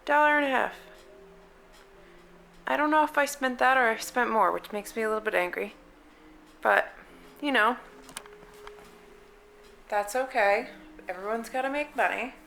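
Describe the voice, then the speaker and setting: Gravelly-voiced woman chatting casually. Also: on the high side, moderate pace, pauses often, pushed and bright, a little hiss or hum, rough recording. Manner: rambling, chatty, full of "like" and "um". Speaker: nurse and book vlogger. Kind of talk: casual vlog chat. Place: at home.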